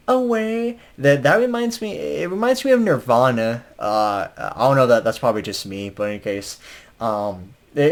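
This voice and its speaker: Rambling man casually reviewing an album. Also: mid-range voice. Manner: rambling, many fillers and restarts; chuckles while talking.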